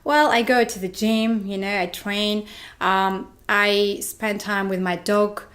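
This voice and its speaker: A woman's voice: mid-range voice, steady tone, slow pace, fairly bright tone. A young woman from Georgia, an actress answering interview questions eagerly in simple phrases, often adding "you know".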